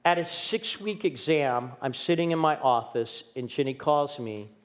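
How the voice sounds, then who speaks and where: A man's voice: a little high, animated, unhurried. A middle-aged man preaching in a church, telling a personal story with humor and candor. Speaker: guest pastor. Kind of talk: storytelling sermon.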